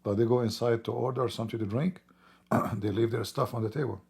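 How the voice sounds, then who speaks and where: A hoarse man who is losing his voice talks in a rambling, emphatic way during a casual livestream, clearing his throat often. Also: mid-range voice, steady tone, brisk, darkish tone. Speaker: livestream host.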